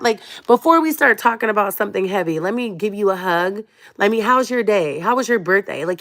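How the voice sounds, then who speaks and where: A young woman vlogger on a live stream shares a personal story, speaking straight to her viewers in an emotional, confiding way. Her voice is medium in pitch and a bit bright.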